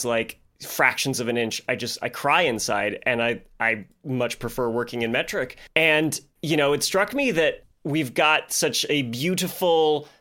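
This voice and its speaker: A man co-hosting a casual podcast, chatty and rambling, quick to joke. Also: medium pitch, sharp tone. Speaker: podcast co-host.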